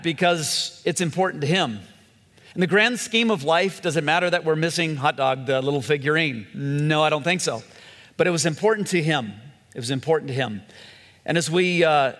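A middle-aged male pastor preaches in a relaxed, chatty way, and his voice sits a little higher than most men's. He acts out the people in his story with lively voices. The sound rings with a long reverb, as in a large hall. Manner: conversational, animated storytelling with voiced asides. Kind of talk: sermon.

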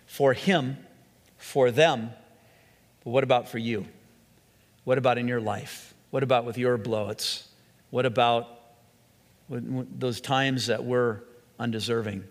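A man preaching a sermon as a pastor, earnest, stretching key phrases slowly and often restarting his sentences. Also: mid-range voice. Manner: earnest, with slow emphatic phrases and frequent restarts. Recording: long hall reverb.

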